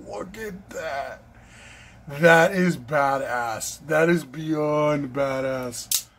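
A man's voice: a little high, bright, forceful tone. A man unboxing a knife for his vlog, gushing and breathless, repeating himself as he talks. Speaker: knife collector vlogger.

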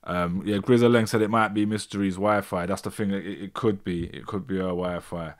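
A man hosts a live stream in a loose, chatty way. His voice sits on the low side, and his talk is full of fillers as he works through technical trouble. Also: steady tone, fairly quick. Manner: chatty, frustrated with tech glitches. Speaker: host. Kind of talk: casual live stream chat.

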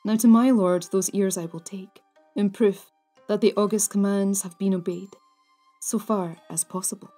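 A woman voicing a grim, deep-voiced ghostly male warrior who speaks in a gruff, low mutter. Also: steady tone, normal speed, mellow, soft background music, close to an everyday voice. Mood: grim menace.

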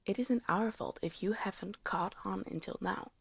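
A woman's voice: medium pitch, moderate pace, vocal fry, breathy edge. A woman reading a fan story aloud, voicing a smug, teasing teenage boy wizard.

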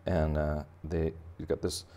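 A man's voice: rumbling low, little pitch movement, measured pace, mellow, lo-fi sound. A man teaching a drawing lesson for kids in a playful, jokey, conversational way. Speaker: art teacher.

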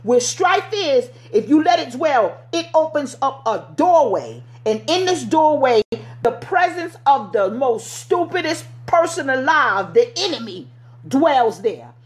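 A middle-aged woman delivers a fervent sermon in a high, bright-pitched voice. She exhorts her listeners directly and slides into casual vernacular phrasing. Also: sing-song, unhurried. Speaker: preacher.

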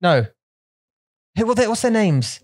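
A man's voice: high-pitched, big pitch swings, unhurried, no room sound. Rambling English man, dry close sound. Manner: rambling, restarts often, mixes English and Mandarin. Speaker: podcast co-host. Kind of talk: casual bilingual chat.

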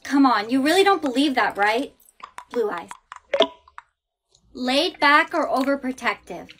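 High-voiced young woman acting a skit. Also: animated, a little slow, a bit bright, a little hiss or hum. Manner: dramatic, exaggerated reactions. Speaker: skit creator playing the lead. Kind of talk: scripted comedy skit.

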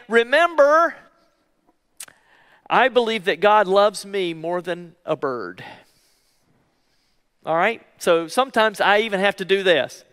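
High-voiced bright man preaching slowly. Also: big pitch swings, in a large hall. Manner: emphatic, repeats key phrases slowly. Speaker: pastor. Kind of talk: sermon. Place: church.

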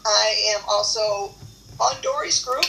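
A woman's voice: medium pitch, a little slow, gravelly, sharp tone. A woman speaking as a guest on a casual livestream chat, upbeat and earnest, laughing readily. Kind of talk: casual live-stream chat. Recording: echoey room with background noise.

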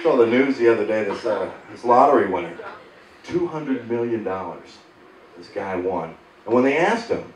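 A man in his thirties doing a stand-up set on a theater stage, telling animated, sarcastic stories and acting out the people in them. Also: on the low side, normal speed, a little hiss or hum. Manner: sarcastic, animated storytelling with voiced impressions. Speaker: stand-up comedian. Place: theater stage before a live audience. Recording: roomy theater sound from a distance, loud crowd laughter.

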